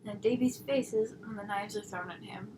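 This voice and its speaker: A woman's voice: medium pitch, moderate pace. Rambling young woman reviewer, noisy room. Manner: rambling, tangent-prone, sarcastic asides. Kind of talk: casual chat. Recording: audible background noise.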